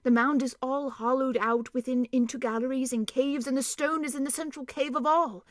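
A woman's voice: high voice, fairly even intonation, normal speed, no room sound, clean studio sound, lightly acted. A woman voicing an earnest, learned old male doctor who explains plans in an urgent way.

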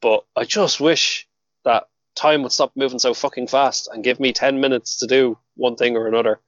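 An easygoing man hosts a podcast, speaking plainly and swearing now and then. His voice sits at a middle pitch. The recording is muffled and dry. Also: moderate pace, no echo. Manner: relaxed, plain-spoken, swears casually. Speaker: podcast host. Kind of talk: casual podcast chat. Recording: dull, dry lo-fi sound.

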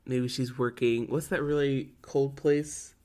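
A woman's voice: a bass voice, steady tone, a little slow, a little mellow. A woman co-hosting a podcast in casual chat, chatty and laughing a lot. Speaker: podcast co-host.

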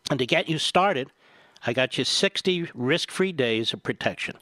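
A man's voice: medium pitch, animated, moderate pace, sharp tone, dry recording. A man hosting a talk radio show, reading ads in an emphatic way while short of breath.

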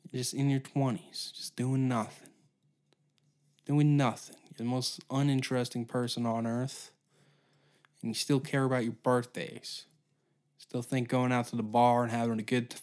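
A man in his twenties hosting a solo comedy podcast, ranting profanely and sarcastically. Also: medium pitch. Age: 20s. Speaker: podcast host.

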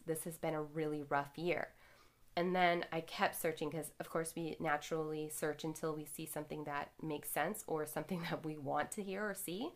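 Young woman host rambling thru a personal story, kinda low voice, candid, swears a bit. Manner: candid, animated, swears casually.

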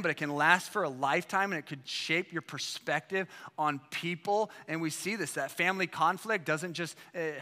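Bright-voiced man preaching a sermon. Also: on the high side, in a large hall. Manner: emphatic, full of rhetorical questions. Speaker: pastor.

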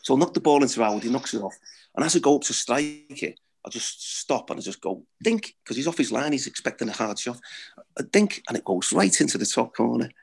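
Middle-aged ex-footballer, husky voice, blunt and laughing anecdotal guest. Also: male voice, medium pitch, expressive, quick pace. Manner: blunt, swearing, laughs at own stories. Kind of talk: anecdotal storytelling.

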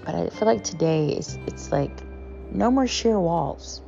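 A woman co-hosting a podcast, talking through her feelings in a halting, self-affirming way with many fillers. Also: lowish voice, lively intonation, gravelly, mellow, highs cut off, faint music behind. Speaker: podcast co-host. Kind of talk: reflective podcast monologue.

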